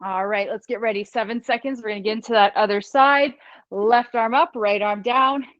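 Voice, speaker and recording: A woman's voice: on the high side, steady tone, moderate pace, no room sound, dull audio. A woman leading a live online fitness class, cheering people on, counting down reps and often laughing. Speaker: fitness instructor. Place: small studio room.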